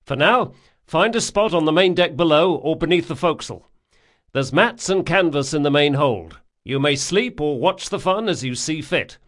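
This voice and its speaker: A man reading an audiobook, voicing a bold young pirate captain who gives brisk orders to his crew. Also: fairly high pitch, expressive, fairly bright tone, voice pushed up. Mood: commanding. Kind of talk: audiobook character voice.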